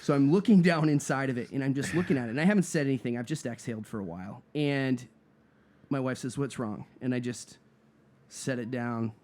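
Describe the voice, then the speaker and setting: A man guest telling a long, comic story in a relaxed podcast chat, acting out what people said and laughing along. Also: medium pitch, a little fast. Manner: animated storyteller, acts out quotes, laughs at own story. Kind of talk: casual storytelling.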